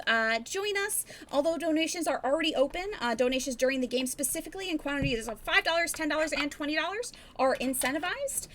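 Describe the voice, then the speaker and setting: A woman hosting a tabletop game stream, reading out announcements in a casual, rambling way. Her voice is high and bright, and she chats along easily. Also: a little hiss or hum. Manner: chatty, rambling with fillers. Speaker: stream host.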